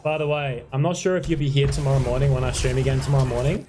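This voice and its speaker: A man's voice: medium pitch, rapid-fire, music in the background. A young man streaming a game live, chatting to viewers, yelping and apologizing as he plays. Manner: excitable, yelps and apologizes, chats to viewers. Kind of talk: live gameplay commentary.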